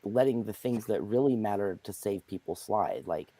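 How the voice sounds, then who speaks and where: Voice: sits low, animated, moderate pace, warm tone, no echo. Reflective co-host, hedging often. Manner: reflective, hedging with "you know". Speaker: podcast co-host. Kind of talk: casual discussion show.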